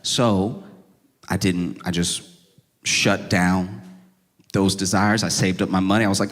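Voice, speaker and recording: A man doing stand-up comedy on stage, telling stories with animated, high-pitched exasperation. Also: measured pace, pauses often. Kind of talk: stand-up set. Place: comedy club stage with a live audience. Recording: live venue with long reverb. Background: audience laughter.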